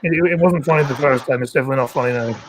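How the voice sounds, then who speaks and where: A Scottish man with a blunt, quick-witted manner in casual voice chat. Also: mid-range voice, noisy background. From Scotland.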